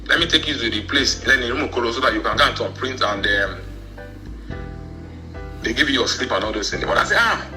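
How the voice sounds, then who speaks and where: A man's voice: medium pitch, lively intonation, fairly quick, long pauses, sharp tone, faint music behind, low-quality recording. A man with a Nigerian accent telling a personal story, rambling and often repeating words. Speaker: church member telling his story.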